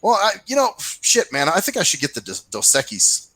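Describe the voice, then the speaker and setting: Male podcast co-host, lively pitch, dry close sound, profane storytelling rants. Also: a little fast, no echo, rough recording. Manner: ranting storyteller, animated, swears freely; mimics people in put-on voices. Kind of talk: casual profane chat.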